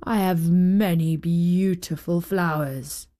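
A woman voicing a huge old giant who speaks in a lower, heavier voice than her own. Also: fairly even intonation, takes it slowly, mellow. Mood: tender. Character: huge old giant, gruff but loving.

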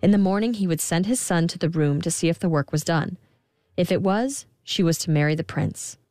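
A woman reading a fairy tale aloud in an expressive, gentle storybook style. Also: on the low side, fairly quick, dry recording, clean studio sound. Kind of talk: storybook narration.

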